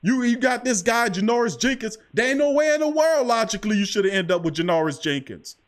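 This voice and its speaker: A man with a high-pitched voice hosts a sports talk show, and he delivers it like a sermon. He is emphatic and repetitive, and he keeps hammering his point home. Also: very animated, fast. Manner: preachy, emphatic, repeats "I'm telling you". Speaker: podcast host.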